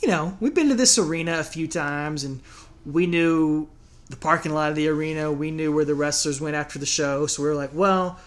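A man in his thirties, chatting casually as a podcast co-host, telling stories in a relaxed way and laughing often. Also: fairly high pitch, brisk. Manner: relaxed storyteller, laughs a lot. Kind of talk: casual chat.

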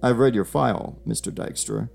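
A polished, smug government agent , voiced by a man in an audio story, calm and measured as he makes his offer. His tone is gravelly and a touch low. Faint guitar music sits underneath.

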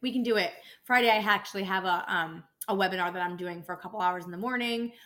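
A woman's voice: lowish voice, fast talker, bright, forceful tone. A young adult woman hosting a casual podcast, ranting and swearing freely as she gets worked up. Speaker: podcast host, dental office worker.

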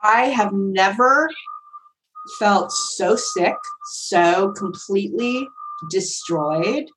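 A woman podcast guest telling a story in a chatty, animated way, often acting out voices with big swings in pitch. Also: very slow, background noise. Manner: chatty, frequent fillers like "like" and "right?". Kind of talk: casual storytelling.

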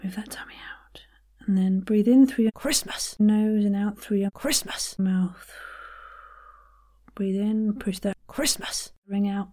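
A woman hosting a podcast, leading playful vocal warm-ups in an encouraging, often whispered voice. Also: medium pitch, unhurried. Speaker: podcast host and voice coach. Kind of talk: casual chat with vocal warm-up exercises.

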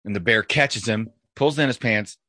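A man's voice: on the low side, normal speed, pushed and bright, no room sound. A man co-hosting a podcast, telling a long joke in a laid-back way. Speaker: podcast host. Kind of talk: casual podcast banter.

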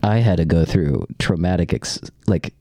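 A man's voice: low-pitched, normal speed, warm tone, dry recording. A man co-hosting a podcast, chiming in with quippy, wry remarks during casual chat. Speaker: podcast co-host.

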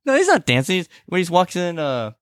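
Playful man with lively pitch. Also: fast, no room sound, studio quality. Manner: playful, laughs often, acts out scenes. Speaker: podcast co-host. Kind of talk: casual chat.

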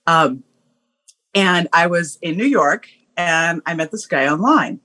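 A woman guest on a podcast, telling a personal story in an animated way, acting out voices and laughing often. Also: lowish voice, slow pace.

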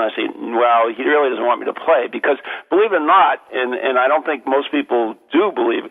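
An older man hosting a radio talk show, joking and rambling with many restarts. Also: mid-range voice. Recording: tinny phone-like radio audio.

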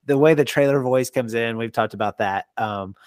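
A man's voice: mid-range voice, normal speed, a little mellow, clear, resonant tone, dry recording. A young man in the middle of the male range, chatting as a podcast guest. He laughs often and stops and starts with fillers. The sound is dry and close. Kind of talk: casual chat.

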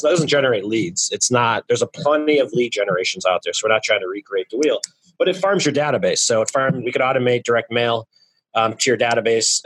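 A man guest in a casual interview, talking in energetic, joking bursts about his marketing business. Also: medium pitch, low-quality recording. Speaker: guest, real estate marketing business owner.

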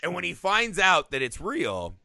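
A man co-hosting a casual podcast chat, animated and swearing freely as he riffs. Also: high-pitched, moderate pace, vocal fry, dry recording. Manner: animated, swears freely, jumps into shouted impressions. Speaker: podcast co-host. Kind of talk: casual chat about movies.

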